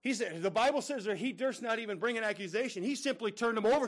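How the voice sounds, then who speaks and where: A male pastor preaching a sermon, emphatic and repetitive, swinging between loud declarations and hushed asides. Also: high-pitched, lively intonation, quick pace, few pauses.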